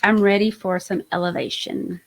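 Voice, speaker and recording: A woman's voice: medium pitch, level tone, normal speed, heavy background noise. A woman hosting a live-stream tarot reading, chatty and enthusiastic, often trailing off and restarting her sentences. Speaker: host, tarot reader.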